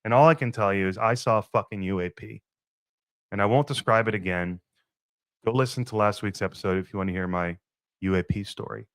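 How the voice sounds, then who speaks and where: A man's voice: lowish voice, brisk, dry recording. A man hosting his own podcast, musing and rambling in a casual solo monologue and swearing freely. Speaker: podcast host.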